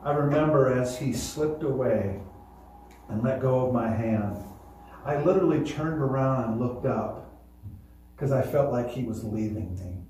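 A man preaching a sermon as pastor, earnest and swelling louder on key points. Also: mid-range voice, unhurried, slight background noise. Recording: echoey hall, voice from far off.

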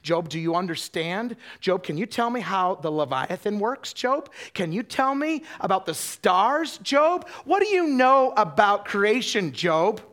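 A man's voice: sits high, sing-song, a little slow, hardly any pauses, a bit bright, voice pushed up, heavily acted. A man preacher voicing God as he fires rhetorical questions, rising and insistent. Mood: challenging.

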